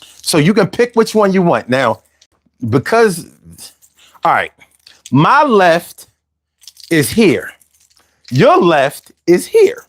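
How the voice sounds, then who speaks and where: A man's voice: high voice, very animated, slow, pauses often, dry recording. A man hosting a casual livestream, reading viewer comments aloud and bantering with them in slangy speech, close to the mic. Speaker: livestream host.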